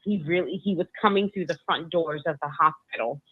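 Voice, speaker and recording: A woman guest retells a personal story in an emotional, halting way, stumbling over and repeating her words. Her voice comes through a narrow, tinny line that sounds like a phone call. The sound is dry, with no room echo. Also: low-pitched, husky.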